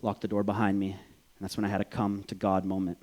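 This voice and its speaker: A man, from Vancouver, telling a personal story on stage in an animated, profane way, acting out the voices. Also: low voice, a little fast. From Vancouver, Canada.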